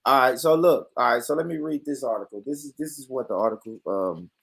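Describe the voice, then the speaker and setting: A man's voice: medium pitch, brisk, creaky, fairly bright tone, husky. A man hosting a casual podcast chat, emphatic and prone to repeating himself. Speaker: podcast host.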